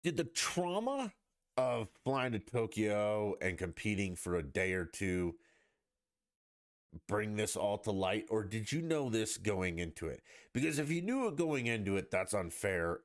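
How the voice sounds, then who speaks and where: A man's voice: mid-range voice, fairly bright tone, no room sound, clean studio sound. A man hosting a podcast, ranting in a blunt, profane and mocking way in a casual monologue. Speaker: podcast host.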